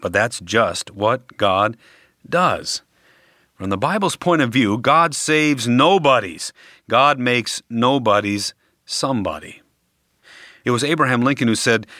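Emphatic man preaching with dramatic pauses. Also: mid-range voice, animated, sharp tone, dry recording, clean studio sound. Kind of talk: sermon.

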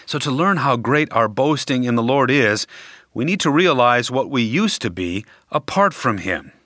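Male preacher, sermon delivery, bright and forceful tone, slows down for emphasis, dry close sound. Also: mid-range voice, expressive, no echo. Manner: deliberate, emphatic delivery with dramatic pauses.

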